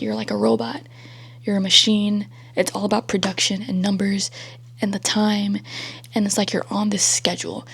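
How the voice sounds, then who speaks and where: A young woman vlogger talking through self-help ideas in a soft, half-whispered, reassuring way, rambling loosely with lots of fillers. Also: mid-range voice, vocal fry, husky. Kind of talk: casual self-help chat.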